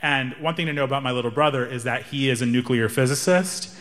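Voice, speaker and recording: A young man doing stand-up, telling a story in an animated, wry, self-amused way. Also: mid-range voice, fast, noisy background. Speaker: stand-up comedian.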